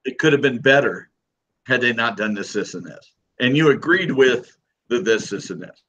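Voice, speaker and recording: A man's voice: mid-range voice, lively intonation, moderate pace, a bit bright, lo-fi sound, slight background noise. A man co-hosting a casual podcast chat, opinionated and emphatic, swearing as he argues his case. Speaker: podcast co-host.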